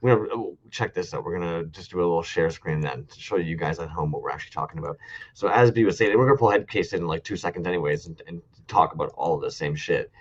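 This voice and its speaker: A man's voice: low-pitched, fast talker, husky. Profane, rambling man on a lo-fi stream. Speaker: podcast co-host. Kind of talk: casual chat with heavy swearing.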